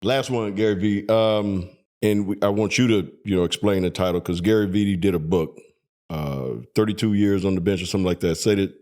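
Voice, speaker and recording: A relaxed male host leads a casual interview in a low voice. He chuckles along with his guest and keeps the talk loose. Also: brisk.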